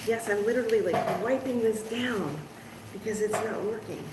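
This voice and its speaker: Woman, middle-aged, fairly high voice, live crafting host, chatty and self-deprecating, roomy echo. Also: normal speed. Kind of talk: casual live crafting chat. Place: at home, moving outdoors. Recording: roomy home echo, faint background noise.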